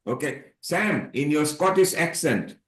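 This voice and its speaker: A man's voice: a little high, lively intonation, a little slow, echoey room, low-quality recording. A man hosting an online call, talking in a loose, rambling way and repeating words. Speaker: host. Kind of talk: casual online chat.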